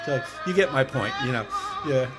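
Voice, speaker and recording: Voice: medium pitch, animated, moderate pace. An old friend recording a birthday message, telling a funny story between laughs. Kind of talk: reminiscing video message. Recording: recording with loud music behind.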